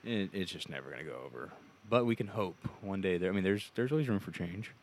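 A man's voice: low voice, lively intonation, fast, a little hiss or hum. A man co-hosting a casual podcast chat, rambling and crude, with many fillers and restarts.

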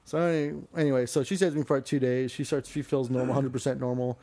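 A man's voice: medium pitch, fairly even intonation, quick pace, mellow. A man talking as a podcast guest, telling a long story in a rambling, profane way with lots of fillers. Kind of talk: casual podcast chat.

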